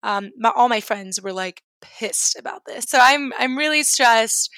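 A young woman from New York tells her personal story in a candid, rambling way, peppering it with "like." Her voice is bright and sharp. The recording is dry and close. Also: a little high, unhurried, dry recording. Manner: candid and rambling, full of "like" fillers. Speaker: guest.

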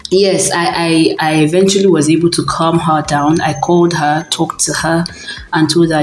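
A woman's voice: fairly low pitch, steady tone, moderate pace, a little mellow, echoey room, faint music behind, low-quality recording. A young Nigerian woman with a Nigerian accent, chatting casually in her personal voice diary, telling stories with lots of ums and side remarks. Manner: chatty, storytelling, frequent ums and asides. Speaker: audio diary host.

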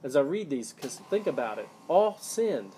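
A man's voice: mid-range voice, very animated, fairly quick, dark tone, a little hiss or hum. Earnest man teaching scripture on a podcast. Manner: earnest, emphatic, stresses key words. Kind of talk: solo Bible-teaching podcast.

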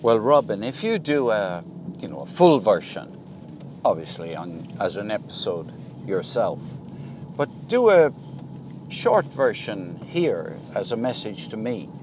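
Slow rambling man, car noise behind. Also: on the low side. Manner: chatty, rambling with fillers. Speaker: podcast host. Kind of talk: casual voice-message chat.

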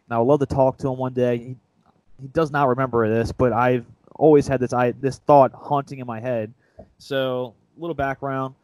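A man's voice: medium pitch, a little mellow, no room sound, rough recording. A young man co-hosting a casual sports podcast, retelling a story in a rambling, self-mocking way. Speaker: podcast co-host.

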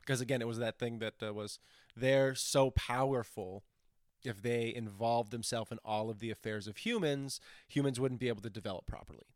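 A man co-hosting a podcast, talking loosely and riffing with plenty of swearing. His voice sits at an ordinary pitch. The sound is dry and close, with no room around it. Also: normal speed, no echo. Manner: rambling, swearing, animated riffing. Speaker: podcast co-host. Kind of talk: casual chat.

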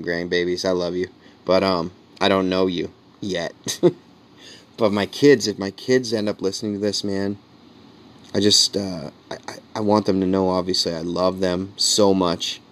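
A man hosting his own podcast, rambling in a casual solo monologue that swings between jokes and earnest talk. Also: low-pitched. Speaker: podcast host and comedian.

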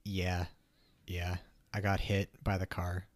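Young male podcast co-host, deep voice, dry close sound, chatty and animated. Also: slow pace, no room sound. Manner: laughing, animated storytelling. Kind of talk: casual chat. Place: home kitchen.

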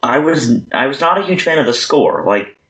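A man's voice: medium pitch, normal speed. A young man on a podcast, casually reviewing a movie and acting out its scenes. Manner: animated, acts out scenes in character voices. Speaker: podcast co-host. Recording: echoey room.

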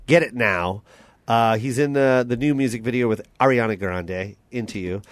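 A man's voice: medium pitch, normal speed, no echo. A man hosting a comedy podcast in a joking, casual way, plugging his guest's new song. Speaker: podcast host.

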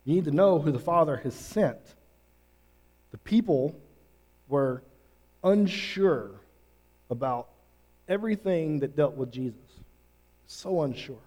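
A man preaching a sermon, earnest and emphatic, with drawn-out pauses. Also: fairly high pitch, expressive, darkish tone. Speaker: pastor.

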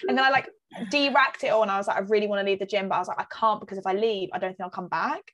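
A young woman, co-hosting a chat podcast and telling lively anecdotes, acting out quotes with lots of "like" fillers. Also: medium pitch, rapid-fire. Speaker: podcast co-host. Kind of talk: casual chat, storytelling.

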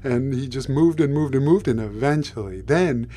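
A man improvising a bedtime story, relaxed and playful, with sound effects and repetition. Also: mid-range voice, normal speed.

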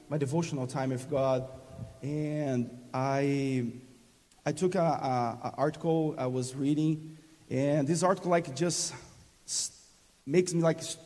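A man from Brazil preaching a sermon in halting English with a Brazilian accent, often restarting phrases and calling for amens. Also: mid-range voice, warm tone, in a large hall. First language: Portuguese. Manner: halting, many restarts, laughs often, invites call-and-response. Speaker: guest preacher.

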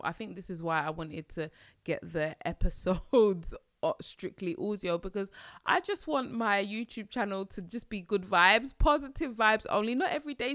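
A woman's voice: medium pitch, fairly bright tone, no echo. A young woman speaking in a solo podcast, her voice swooping up and down as she talks. She sounds exasperated, throws in slangy asides and laughs often. The sound is close and dry. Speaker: podcast host. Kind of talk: casual solo podcast monologue.

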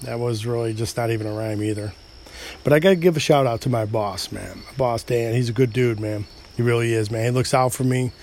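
A man's voice: medium pitch, fairly quick, darkish tone. A middle-aged man with an upstate New York accent, hosting a loose, rambling solo podcast, swearing and joking at himself, a bit tipsy after a few drinks. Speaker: podcast host.

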